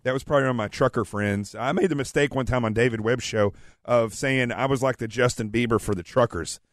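A man's voice: medium pitch, brisk, no room sound. A man from the American South filling in as a talk radio host, chatting and joking in the studio while nursing a cold. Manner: joking, chatty, plugs his book. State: has a cold. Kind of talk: casual talk radio banter. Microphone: studio microphone.

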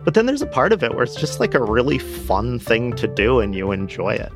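Lively gravelly man over music. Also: medium pitch. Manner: lively, rushing in bursts. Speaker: course creator and founder. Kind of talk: casual interview.

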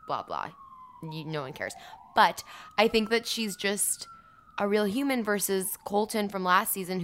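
Bright-voiced thoughtful woman podcaster. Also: on the low side. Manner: thoughtful, hedging with "I think" and "I don't know". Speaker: podcast co-host. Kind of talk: casual chat.

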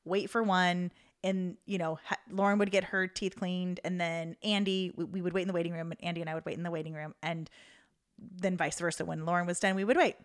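A woman's voice: fairly low pitch, little pitch movement, brisk. A woman co-hosting a podcast, telling a story in casual, rambling chat full of fillers and laughter. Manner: chatty, filler-heavy, laughs through her story. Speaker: podcast co-host.

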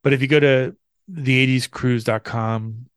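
A man's voice: medium pitch, steady tone, unhurried, no echo, studio quality. A man co-hosting a podcast in casual chat, often stumbling and repeating words as he thinks. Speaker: podcast co-host.

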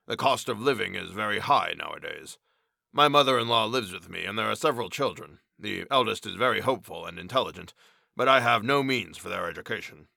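A man voicing a short-sighted older police official with gray whiskers, speaking slowly and matter-of-factly in a storybook reading. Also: lowish voice, expressive, vocal fry, sharp tone, no echo, studio quality, pitched below the performer's own voice, heavily acted. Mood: calm.

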